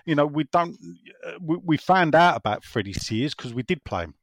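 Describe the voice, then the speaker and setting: Hosting a casual football podcast, a man with a fairly high pitch and lively intonation reads listener messages at a moderate pace. There's no echo on the recording, and he tends to ramble and repeat himself.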